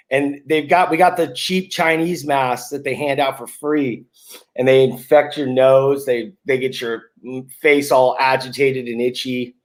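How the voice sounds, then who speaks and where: A man on a video call, complaining in a weary, exasperated way. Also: mid-range voice. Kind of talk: casual video call chat.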